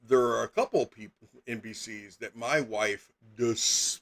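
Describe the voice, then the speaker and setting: A man's voice: medium pitch, moderate pace, fairly bright tone. Rambling middle-aged man, game master. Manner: rambling, filler-heavy, emphatic. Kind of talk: casual chat on a live stream.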